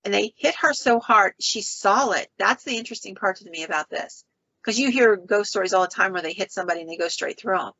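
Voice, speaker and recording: A woman hosting a podcast and telling ghost stories in an animated, casual way, with frequent ums and restarts. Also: medium pitch, fast, lo-fi sound. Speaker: podcast host.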